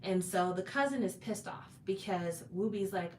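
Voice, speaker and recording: A woman's voice: on the low side, animated, normal speed, hardly any pauses. A woman retelling a drama's plot in a chatty, casual way, with fillers and restarts. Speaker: drama recap host. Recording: roomy echo, distant from mic, faint background noise.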